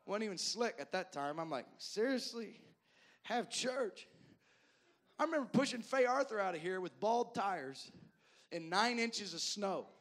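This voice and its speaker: A male pastor telling folksy stories in a sermon, addressing the congregation directly and repeating words as he goes from loud to soft. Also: high voice, lively intonation, moderate pace. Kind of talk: sermon storytelling.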